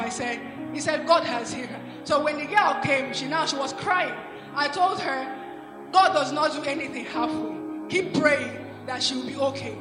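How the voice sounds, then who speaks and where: A woman with a high voice giving a church testimony, circling back and restarting as she tells her story. She sounds roomy and reverberant, as in a large hall, with music playing clearly behind her. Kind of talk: spoken testimony.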